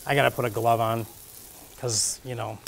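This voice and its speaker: A man's voice: mid-range voice, fairly even intonation, moderate pace, gravelly, a little hiss or hum. A man demonstrating a recipe in a casual, jokey cooking class, talking through each step as he cooks. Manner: chatty, jokey, self-deprecating, talks while cooking. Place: community kitchen classroom.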